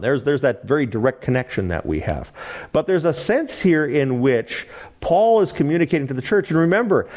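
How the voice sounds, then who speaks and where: A man teaching a Bible study class, lecturing and asking the group questions. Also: mid-range voice. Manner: animated, asks the class questions, laughs lightly.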